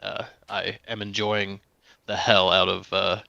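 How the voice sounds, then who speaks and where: A man in a casual podcast chat, speaking in a measured, hesitant way with fillers. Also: deep voice, little pitch movement, gravelly, sharp tone, no echo, lo-fi sound.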